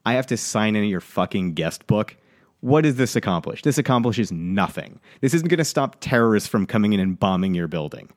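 A man co-hosting a casual podcast, telling an annoyed story with lots of swearing and lively venting. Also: lowish voice, brisk. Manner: animated, swears, worked up while telling a story. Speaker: podcast co-host.

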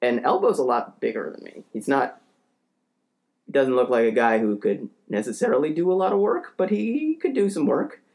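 Telling a story in casual podcast talk, a man speaks at a moderate pace with big swings in pitch. He rambles, restarting and using plenty of fillers, and becomes heated and ranting, acting out quotes in a higher, shouting voice.

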